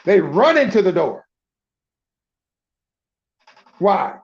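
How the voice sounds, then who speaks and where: A man's voice: sits high, sing-song, moderate pace, lo-fi sound. A middle-aged man preaching a conversational sermon, emphatic, often repeating himself and restarting words.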